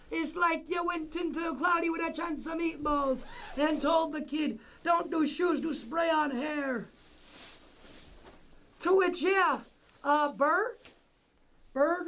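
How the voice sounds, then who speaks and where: High-voiced woman hosting a livestream. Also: rough recording. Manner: animated, swears freely, frequent exclamations. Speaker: livestream host. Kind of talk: casual livestream chat.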